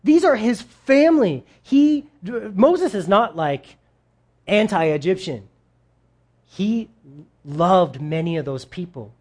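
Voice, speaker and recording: Animated casual male preacher. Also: slow. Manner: animated, acts out quoted voices with big pitch jumps; casual, conversational preaching with asides to the audience. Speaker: pastor. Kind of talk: sermon.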